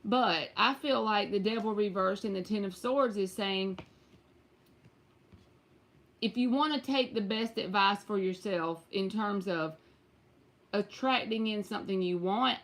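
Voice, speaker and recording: A woman's voice: medium pitch, a little slow, fairly bright tone. A Southern woman, likely in her thirties or forties, giving a casual tarot reading on a live stream at home and chatting straight to her viewers. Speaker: tarot reader.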